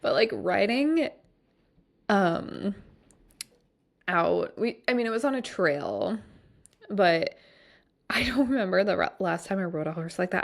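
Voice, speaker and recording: A woman's voice: fairly low pitch, creaky. A woman hosting a solo podcast, talking in a casual, rambling way with many fillers. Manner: chatty, rambling, heavy use of fillers like "like" and "um". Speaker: podcast host.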